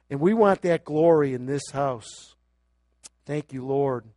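A man preaching a sermon, moving from quiet scripture reading to loud, emphatic exhortation. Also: medium pitch, slow, dry recording. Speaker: pastor.

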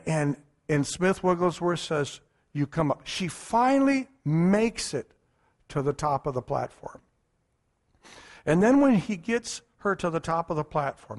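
High-voiced emphatic male preacher. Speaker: pastor. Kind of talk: sermon.

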